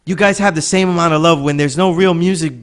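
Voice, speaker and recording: A man hosting a casual interview podcast, relaxed and rambling, often checking in with "you know what I mean". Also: a little high, quick pace. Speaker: podcast host.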